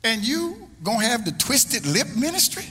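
A man preaching a humorous sermon with call-and-response to his congregation, swinging between shouts and low asides. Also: big pitch swings, moderate pace, husky. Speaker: pastor. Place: church sanctuary. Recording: reverberant hall with congregation and noise.

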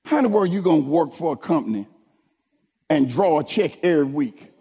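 High-voiced preacher man in a reverberant hall. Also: animated, a little fast, husky. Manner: call-and-response preaching, rising to shouts. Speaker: pastor. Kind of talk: sermon.

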